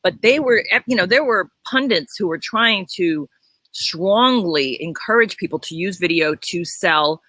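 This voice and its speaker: A middle-aged woman co-hosting a casual business chat, explaining in a measured way, recorded outdoors on her home deck. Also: on the low side, lively intonation, sharp tone, dry recording. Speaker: co-host.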